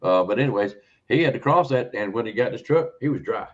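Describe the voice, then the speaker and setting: A male podcast host talks in a rambling, conversational way and often checks in with his listener. His voice is fairly low, and the recording sounds dull and lo-fi. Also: animated, fast talker. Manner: rambling, repeats words, checks in with "okay?". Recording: dull lo-fi audio.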